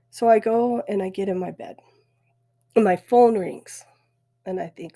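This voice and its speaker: A middle-aged woman tells her own story on her podcast, halting and close to tears. Her voice is husky and breathy, with a mellow, dark tone. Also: medium pitch. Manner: emotional, halting, voice breaking. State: weepy. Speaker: podcast host. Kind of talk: personal storytelling.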